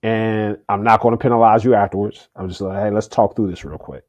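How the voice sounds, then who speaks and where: A man's voice: lowish voice, fairly even intonation, fairly quick, darkish tone, no echo. A middle-aged man speaking candidly as a podcast guest, earnest, often repeating words as he starts a thought. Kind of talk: candid conversational interview.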